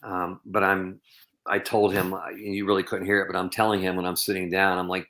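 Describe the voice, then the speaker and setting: Brief: male podcast guest, deep bright-edged voice, rambling earnest storyteller. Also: flat delivery, normal speed. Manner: rambling anecdotal, heavy with "you know" and "um". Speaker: podcast guest, professional bowler.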